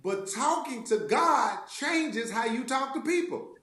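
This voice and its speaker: A man co-hosting a church talk show, lively and folksy, laughing as he makes his points. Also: very high voice, unhurried, echoey room. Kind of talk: casual faith discussion.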